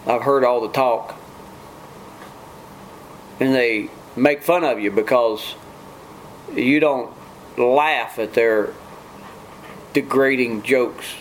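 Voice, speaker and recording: A man's voice: mid-range voice, slow, pauses often, slight background noise, low-quality recording. A man preaching a sermon in an earnest way, often restarting phrases and mimicking scoffers. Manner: earnest, repetitive restarts, mock-quotes scoffers.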